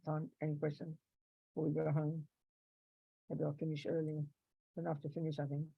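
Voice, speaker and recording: A woman teaching Buddhist philosophy to a live class, animated, swinging from loud emphatic bursts to soft asides and acting out little quoted voices. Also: deep voice, a little fast, gravelly, slightly rough, no room sound, phone-quality sound. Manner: acts out little quoted voices to make a point. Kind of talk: dharma talk to a live class.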